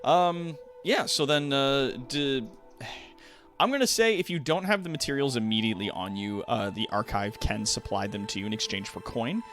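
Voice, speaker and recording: A man's voice: mid-range voice, moderate pace, fairly bright tone, soft background music. A man narrating a tabletop game as game master, casual with many fillers.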